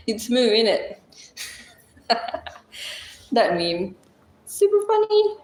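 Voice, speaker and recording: A woman's voice: a little high, big pitch swings, very slow. A woman hosting a casual livestream, chatting with viewers and rambling through simple language explanations with plenty of fillers. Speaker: livestream host. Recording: echoey room.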